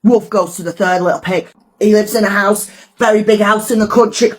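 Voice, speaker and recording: A woman doing comedic story time for kids, rambling, gruff and chatty. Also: medium pitch, fairly even intonation, a little fast. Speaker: comic storyteller.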